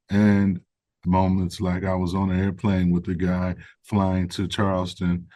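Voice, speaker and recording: A low-pitched man in middle age speaks earnestly in an interview, dry and close to the mic. He tells a personal story at an easy conversational pace, with fillers, and his voice grows more animated when he drives a point home. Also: no room sound. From United States. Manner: earnest, reflective, builds to animated emphasis. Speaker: guest, recovery organization founder.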